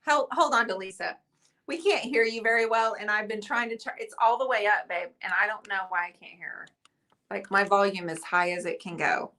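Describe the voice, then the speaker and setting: A woman's voice: medium pitch, fairly quick, pushed and bright. A woman hosting a live online chat, talking casually, laughing often and calling people honey and babe.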